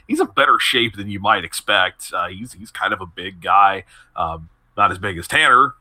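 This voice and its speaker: A man's voice: on the low side, pushed and bright, no echo. A man narrating as game master for a tabletop game, rambling and laughing as he describes scenes.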